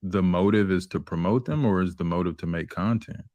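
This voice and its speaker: A male panelist in an online discussion, asking measured, probing questions. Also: deep voice, darkish tone, no echo, lo-fi sound. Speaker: panel guest.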